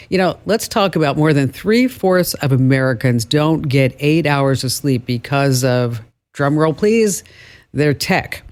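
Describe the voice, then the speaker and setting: A man hosting a call-in radio show about technology. His talk is casual and unscripted, full of "you know" and restarted phrases. His voice sits at an ordinary middle pitch. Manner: conversational, often restarts phrases, drawn-out emphasis. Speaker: radio tech show host.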